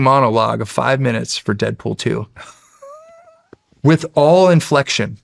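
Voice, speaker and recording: The clean studio recording, free of echo, captures an American podcast guest in his forties with a mid-range voice, vocal fry and normal speed. Telling a story casually, he animatedly acts out people's quotes and swears freely.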